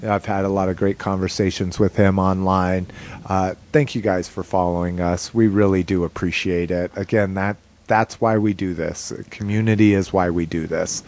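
A man co-hosting a casual podcast, talking in a relaxed, rambling way with lots of fillers and some swearing. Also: sits low, moderate pace. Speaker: podcast co-host.

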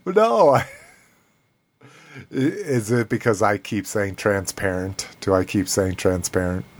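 A man's voice: lowish voice, takes it slowly. A man hosting a podcast in loose casual chat, swearing freely and laughing between remarks. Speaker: podcast host.

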